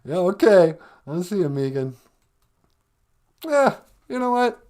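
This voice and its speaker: A man's voice: high voice, big pitch swings, measured pace, darkish tone. A man hosting a casual live stream, joking and teasing in a playful way.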